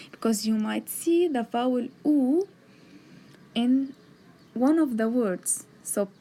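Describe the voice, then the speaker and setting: A woman's voice: high-pitched, warm tone, husky. A woman teaching a beginners' alphabet lesson, patiently sounding out letters and words and explaining each step. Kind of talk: slow explanatory lesson narration. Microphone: tablet microphone.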